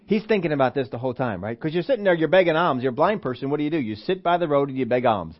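A man preaching a sermon in a church, animated, acting out quotes and asking the congregation questions. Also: fairly high pitch, very fast, few pauses. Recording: dull lo-fi sermon recording.

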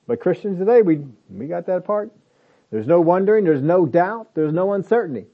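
A man's voice: sits high, big pitch swings, moderate pace, phone-quality sound. A man preaching a sermon in a conversational way, building to emphatic lists.

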